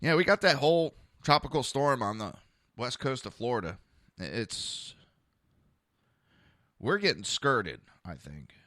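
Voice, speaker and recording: A man's voice: medium pitch, sing-song, unhurried, pauses often, sharp tone, no echo, studio quality. A man hosting a political talk podcast, ranting bluntly and sarcastically with lots of profanity and talking to his live listeners. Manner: talks to listeners in a live chat. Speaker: podcast host.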